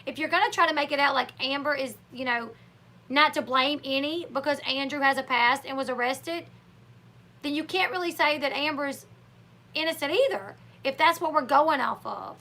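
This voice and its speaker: A woman's voice: high voice, normal speed. A woman hosting a casual live chat, opinionated and chatty, acting out what others said. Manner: chatty, opinionated, acts out quotes in animated voices. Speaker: livestream host.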